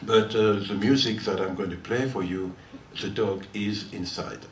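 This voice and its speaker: On stage between songs, an older French guitarist with a French accent rambles through a long story, chatty and often laughing. He speaks at normal speed in a lowish voice. The recording, made in a listening hall before a live audience, sounds roomy and distant with faint noise.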